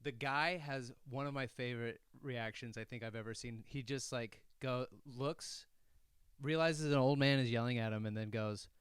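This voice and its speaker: A man co-hosting a comedy podcast, telling stories in a casual, animated way and shouting out bits of them. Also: mid-range voice, normal speed, clean tone, no room sound, studio quality. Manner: animated, shouts when acting out a story.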